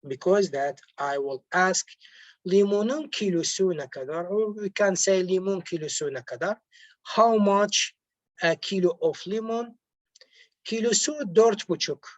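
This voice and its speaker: A man teaching vocabulary who switches back and forth between two languages, pausing often and correcting himself as he explains. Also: high-pitched, no room sound. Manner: hesitant, with frequent pauses and self-corrections. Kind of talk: slow classroom explanation. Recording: dull, lo-fi, dry recording.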